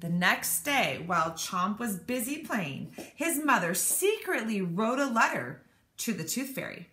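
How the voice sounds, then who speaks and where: A woman teacher reading a children's storybook aloud, animated and expressive. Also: on the high side, a little slow. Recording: echoey room.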